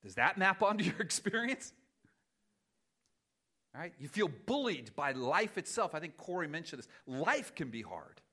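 Male pastor, sermon, conversational, self-deprecating, fairly high voice, bright tone. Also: very animated, measured pace, slightly rough.

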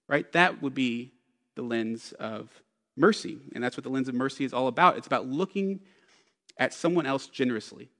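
A man's voice: medium pitch, lively intonation, normal speed, a bit bright, big-room sound. A man in his thirties preaching a sermon, telling a personal story with self-deprecating humor. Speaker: pastor.

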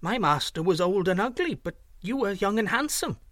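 A man's voice: sits high, lively intonation, normal speed, no room sound, clean studio sound, pitched above the performer's own voice. A man voicing an anxious, fawning talking goose in a read-aloud storybook. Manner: timid, fawning. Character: anxious flattering male goose, a talking watch gander.

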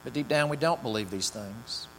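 Speaking at a normal speed in a medium-pitched voice, a pastor reads scripture with rising emphasis. Afterward he prays and talks in a loose way with fillers, in a recording marked by long hall reverb and faint mains hum.

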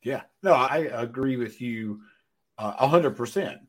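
A man's voice: medium pitch, a little slow. Brief: a man hosting a podcast, mostly chiming in with short agreement. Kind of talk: conversational podcast talk.

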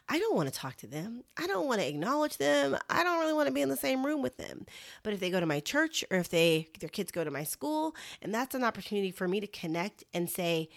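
A middle-aged woman with a mid-range voice speaks to camera in a casual, heartfelt talk, offering earnest, candid encouragement. She calls her listeners "y'all" and "you guys," and the recording is dry with clean studio sound.

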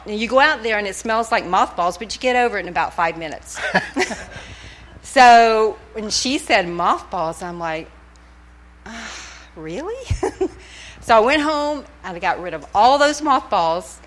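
A woman's voice: mid-range voice, a bit bright. A middle-aged woman telling a personal testimony at a church service, laughing often as she speaks into a handheld mic. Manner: chatty, laughing storyteller. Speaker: church member giving a testimony. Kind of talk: nervous church testimony story. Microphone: handheld microphone.

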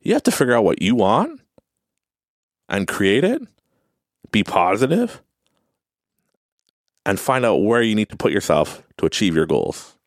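Young male host, deep gravelly voice, lively and earnest motivational delivery, dry close sound. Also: measured pace, pauses often, no room sound. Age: young adult. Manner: earnest, repetitive, animated, mimics others in high voices. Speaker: podcast host. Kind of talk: motivational talk.

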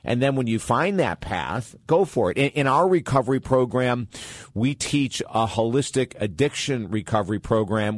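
A blunt male advice host, talking candidly with lively asides. His voice sits at a middle pitch. The sound is dry and close. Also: no room sound. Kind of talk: advice talk answering listener questions.

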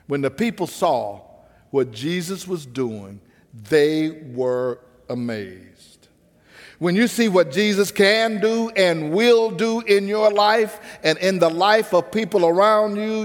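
Preacher, male, high voice, rhythmic sermon cadence, long reverb. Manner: preaching cadence, calls to the congregation.

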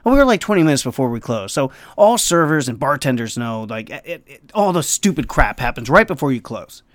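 A man's voice: mid-range voice, sing-song, brisk, dry recording. Rambling male server telling a story. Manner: rambling, acts out the people in his story. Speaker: restaurant server. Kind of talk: casual storytelling vlog. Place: near Los Angeles.

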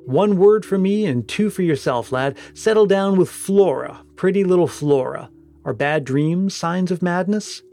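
A man doing a haunted old sea captain, frantic and hoarse-edged. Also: high voice, a little slow, dark tone, faint music behind, voice pushed up. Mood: sneering. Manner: urgent gasps sinking to murmurs. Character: haunted, feverish old male ship captain.

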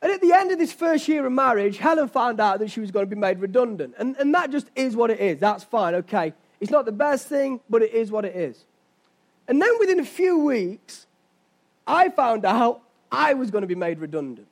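High-voiced man preaching. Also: very animated, moderate pace. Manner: conversational storytelling with rhetorical questions. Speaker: pastor. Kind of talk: sermon.

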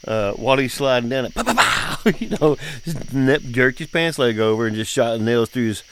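A man's voice: mid-range voice, normal speed, a little hiss or hum. A middle-aged man telling family stories in a casual, drawling, laughing way. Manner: folksy, drawling, laughs often. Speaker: podcast host, father. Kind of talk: casual storytelling chat.

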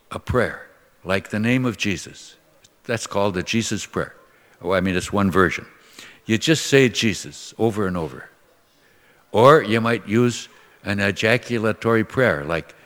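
A man's voice: fairly low pitch, fairly bright tone, big-room sound. An older man, a priest from Minnesota, preaching in a folksy, conversational way and acting out the voices in his stories. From Minnesota, USA. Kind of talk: sermon with storytelling.

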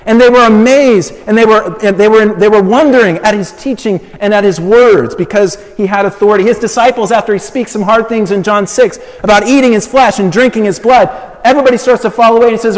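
A man preaching a sermon, measured and emphatic, building with slow repeated phrases. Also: high voice. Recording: long hall reverb.

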